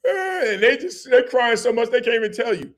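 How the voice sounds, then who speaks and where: A man's voice: very high-pitched, animated, normal speed. A man hosting a sports talk show, talking animatedly and acting out quotes in character voices. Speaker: show host.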